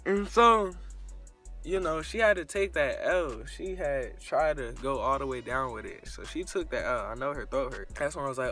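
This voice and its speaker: A young man telling a crude, slang-filled story in a casual, animated storytime style. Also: mid-range voice, moderate pace, soft background music. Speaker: storyteller vlogger.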